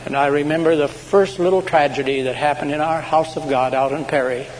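A pastor with a somewhat high, steady voice preaches a sermon that trails off into long hall reverb, over a faint hum. He tells stories dramatically, stretching out loud, slow declarations before dropping to hushed asides.

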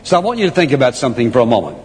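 A man preaching a sermon, emphatic and repeating key phrases, slowing down to read scripture. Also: mid-range voice, very animated, darkish tone, breathy edge. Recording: long hall reverb.

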